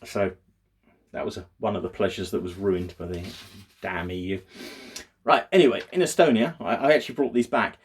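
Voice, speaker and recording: Husky-voiced man rambling. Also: fairly low pitch, fairly quick. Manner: rambling, hesitant, with many fillers and restarts. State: low and downbeat. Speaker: vlogger. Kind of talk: casual daily video diary.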